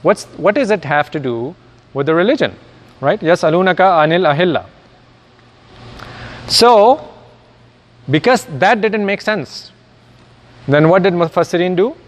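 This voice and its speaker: Lecturer, male, native Urdu speaker, slightly high voice, explains step by step with rhetorical questions, reverberant hall. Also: lively intonation, a little slow, pauses often. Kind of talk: recorded lecture.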